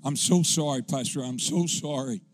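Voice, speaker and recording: A man's voice: on the high side, a little slow, darkish tone, lightly acted. A male preacher voicing an earnest young female office clerk in his story.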